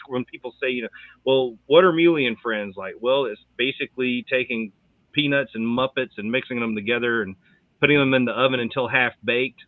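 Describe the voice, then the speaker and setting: A man's voice: mid-range voice, no echo. Man host on a tinny line. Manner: punning, rambling. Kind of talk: casual video chat. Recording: tinny dry phone-like audio.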